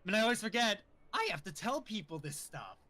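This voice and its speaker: Lively, bright man chatting on stream. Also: high voice, brisk. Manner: animated, jumps between topics. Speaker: guest co-player. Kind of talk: casual gaming stream chat.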